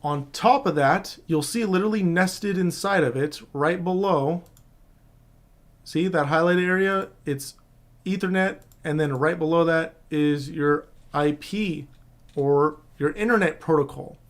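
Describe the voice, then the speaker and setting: A man's voice: on the high side, unhurried. A man casually explaining networking basics in a screen-share tutorial, often checking in with the viewer. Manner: casual, loose, talks to viewer directly with frequent "all right?". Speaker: cybersecurity instructor.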